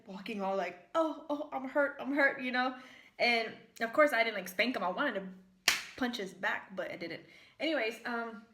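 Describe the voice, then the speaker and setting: American woman, young, fairly high bright voice, rambling chatty storyteller, roomy echo. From United States. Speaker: vlogger. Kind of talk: casual mukbang chat while eating. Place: at home, in the kitchen. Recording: echoey room.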